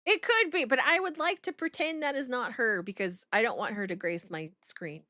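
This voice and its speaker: A woman's voice: fairly high pitch, moderate pace, pushed and bright, dry recording. A woman streamer chatting through a game reaction in a blunt, profane, giggly way.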